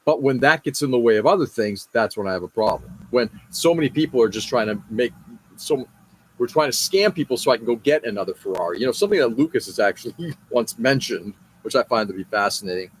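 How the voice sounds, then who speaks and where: A man's voice: medium pitch, animated, fast, a little hiss or hum. Blunt, profane American man ranting. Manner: frustrated, blunt and profane, with frequent restarts. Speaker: podcast host. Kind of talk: casual political rant on a live show.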